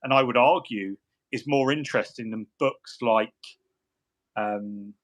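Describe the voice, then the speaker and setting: A man's voice: mid-range voice, unhurried. A man hosting a hobby chat, rambling and joking with lots of restarts and asides as he works at his desk. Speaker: hobby stream host. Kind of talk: casual chat while model painting.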